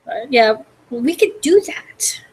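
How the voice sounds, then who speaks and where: A woman with a Connecticut accent chats casually as a livestream host. Her voice sits on the higher side. She keeps dropping "like" and "totally" into almost every sentence. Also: animated, slow, darkish tone, husky, rough recording. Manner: says "like" and "totally" constantly. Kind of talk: casual chat.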